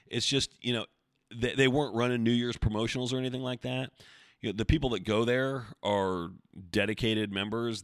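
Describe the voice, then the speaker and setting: A man's voice: lowish voice, a bit bright, dry recording, studio quality. A man hosting his own podcast alone, chatting in a rambling, jokey, self-deprecating way. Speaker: podcast host. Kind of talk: casual solo podcast talk.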